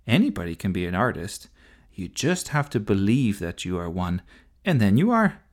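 A man's voice: fairly low pitch, big pitch swings, normal speed. A man voicing a bossy, know-it-all young girl in a storybook reading, speaking in a lecturing manner.

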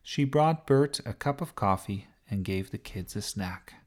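A man reads a children's story aloud in a low, gentle voice. He takes his time and lets his tone rise and fall with a lot of expression. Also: lively intonation. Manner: gentle, unhurried reading.

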